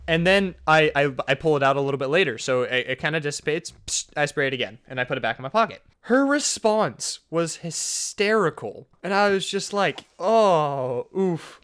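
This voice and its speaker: A young man in his twenties telling a funny school story in casual vlog chat, full of fillers, and he jumps up high for exclamations. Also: animated, fairly quick, fairly bright tone, smooth. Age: young adult. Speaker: storytelling vlogger.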